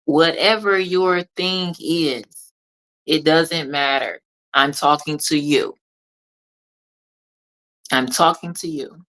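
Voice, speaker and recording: Speaking slowly with long pauses, a woman with a distinctly deep voice gives a motivational talk as a consultant, preaching straight at the listener and repeating key lines for force. Her tone is slightly bright, and the audio is poor.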